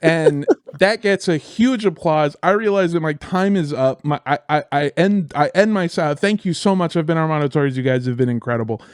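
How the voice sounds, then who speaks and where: High-voiced, animated male comedian storyteller. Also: normal speed, hardly any pauses, smooth, no echo, studio quality. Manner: animated, profane, laughing through his story. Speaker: podcast co-host and comedian. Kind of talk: casual storytelling chat.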